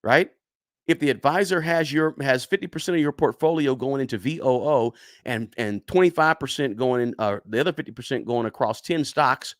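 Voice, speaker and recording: This emphatic man, a personal finance YouTuber, speaks casually to camera with a lively, dry voice that's a little high, with no echo. He repeats words to stress them and frequently tosses in "right?"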